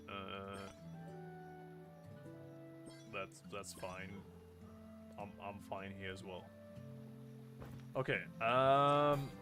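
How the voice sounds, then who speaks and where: Playful male gameplay streamer. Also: lowish voice. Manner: playful, rambling asides. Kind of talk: casual gameplay commentary, reading dialogue aloud. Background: game music.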